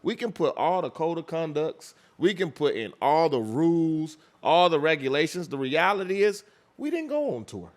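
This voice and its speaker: Man, label executive, casual interview talk, animated, restarts his phrases. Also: a little high, normal speed.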